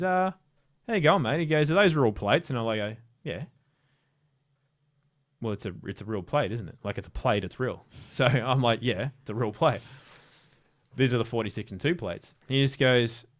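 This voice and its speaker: An Australian man, an interview guest, telling casual stories in a rambling way with many restarts. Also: medium pitch. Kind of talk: casual storytelling.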